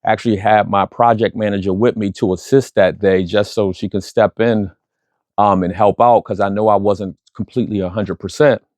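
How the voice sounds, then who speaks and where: A man hosting a podcast, speaking earnestly and reflectively about his youth program, pausing often with fillers while recovering from surgery. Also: fairly low pitch, fairly even intonation, a little mellow, no room sound. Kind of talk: casual spoken intro.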